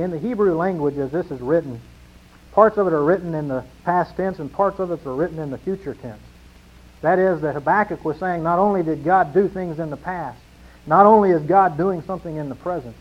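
A middle-aged pastor from New preaches in a slightly raised voice. He drives his points home through repetition, swinging from loud declarations to hushed lines. The recording sounds muffled and lo-fi. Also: a little high. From New Mexico, USA. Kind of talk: sermon.

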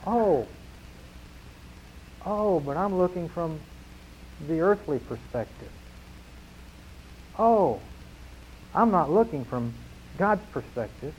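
A man preaching a sermon to his congregation, emphatic, slowing down and falling quiet on key phrases. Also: fairly high pitch. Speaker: pastor. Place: church sanctuary. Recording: dull lo-fi sound.

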